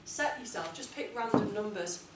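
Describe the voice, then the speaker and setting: A woman teaching a writing lesson to a class, clear and deliberate, stressing words as she reads model texts aloud. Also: mid-range voice, expressive, heavy background noise. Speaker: English teacher. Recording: echoey classroom, from a distance.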